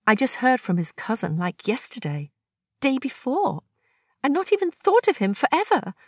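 A woman reader voicing a wistful adult woman in a story, with a higher, lively voice. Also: normal speed, no echo, clean studio sound, full character voice.

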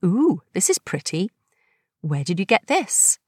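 A woman's voice: medium pitch, sing-song, unhurried, husky, dry recording, studio quality. Woman voicing a curious, affectionate friend.

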